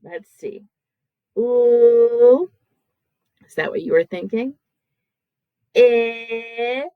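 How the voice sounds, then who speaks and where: A woman teaching kindergarten children, sounding out words slowly syllable by syllable in a patient, encouraging way. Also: fairly low pitch, animated, husky, no room sound, phone-quality sound.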